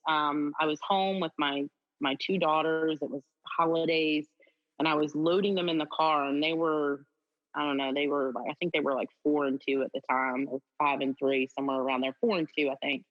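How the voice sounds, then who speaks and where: A middle-aged woman with a low voice tells a personal story as an interview guest. She talks in an animated way with frequent ums. The audio sounds slightly dull. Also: a little fast. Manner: animated storyteller, many fillers. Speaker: guest, district attorney.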